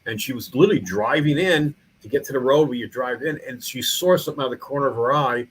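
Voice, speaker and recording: A man's voice: mid-range voice, fast, slight background noise, poor audio. A middle-aged man from New York, a museum founder and small-town mayor, chatting in a podcast interview with many restarts. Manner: rambling, frequent restarts and fillers.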